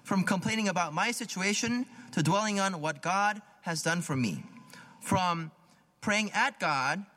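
A man's voice: sits high, animated, measured pace, sharp tone. A man preaching a sermon in a casual, conversational way, often repeating words and asking "right?". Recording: long hall reverb.

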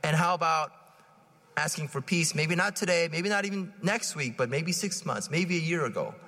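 A man in his thirties, a priest giving a conversational homily at Mass, telling stories in an animated way and checking in with the congregation. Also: a little high, moderate pace, big-room sound. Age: 30s. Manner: animated storytelling, checking in with "right?". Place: church.

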